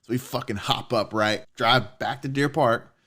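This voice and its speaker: A man, a podcast co-host telling a personal story in casual chat, swearing often and getting excited. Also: mid-range voice, normal speed. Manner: animated, swears a lot, rising excitement.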